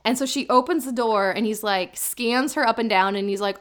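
A woman in her thirties, an animated storyteller casually recapping a drama as a podcast co-host. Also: on the high side, a little fast.

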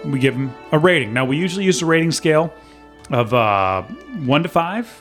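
A man's voice: a little high, expressive, brisk, a bit bright, faint music behind. A man hosting a casual beer podcast in an easygoing way, steering the talk between segments. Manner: easygoing, laughs along, runs the segments. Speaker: podcast host. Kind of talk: casual chat.

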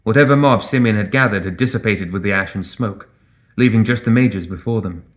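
A man reading a fantasy story aloud as narrator in a measured, even way. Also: lowish voice. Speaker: audiobook narrator. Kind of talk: scripted narration.

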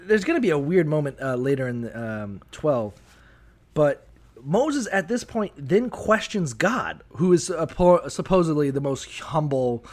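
A man's voice: a little high, measured pace. A man on a comedy podcast, riffing profanely on a bible story and acting out the characters' voices. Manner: profane, animated, acts out voices mid-story. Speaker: podcast co-host. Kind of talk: comedic bible commentary chat.

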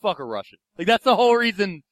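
A man's voice: high voice, sing-song, quick pace, fairly bright tone. A young man doing a profane stand-up comedy set, ranting and acting out the people in his stories. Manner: profane, ranting, acts out quoted voices.

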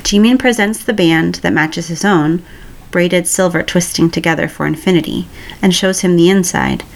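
A woman reading a romance story aloud in a calm, even storytelling voice. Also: on the low side, normal speed, creaky. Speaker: story reader. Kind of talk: reading fan fiction aloud.

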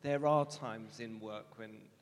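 A man's voice: lowish voice, takes it slowly. A man, a guest speaker, candidly telling a personal faith story in a self-deprecating way, recorded in a large reverberant hall.

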